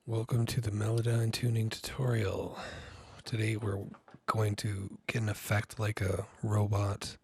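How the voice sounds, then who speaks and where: A man, a music producer, talking through a software tutorial in a relaxed, rambling way full of ums and likes. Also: fairly low pitch, measured pace, vocal fry. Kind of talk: casual screen-recorded tutorial.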